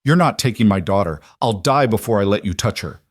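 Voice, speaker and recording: A man's voice: on the low side, lively intonation, a little fast, no room sound, clean studio sound. A man voicing a desperate young mother who pleads frantically to keep her daughter. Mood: defiant.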